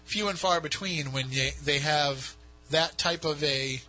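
A man's voice: fairly high pitch, unhurried, bright, forceful tone, poor audio. A man hosting a casual radio talk show, rambling and poking fun at himself. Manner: rambling, self-mocking. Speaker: podcast host.

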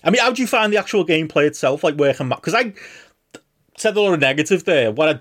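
A man co-hosting a casual podcast chat, animated and rambling, laughing often between points. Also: on the high side, fast talker. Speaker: podcast co-host.

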